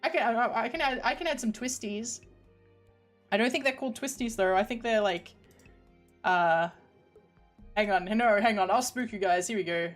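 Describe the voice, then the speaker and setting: A woman's voice: on the high side, moderate pace, long pauses. A young woman from the United Kingdom streaming, chatting casually in a rambling, giggly way that trails off into mumbles. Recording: faint background music.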